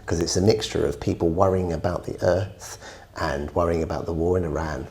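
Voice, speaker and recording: A man's voice: sits low, steady tone, a little fast, a little mellow. A man co-hosting a casual podcast, laid-back with dry asides. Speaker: podcast co-host. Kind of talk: casual banter.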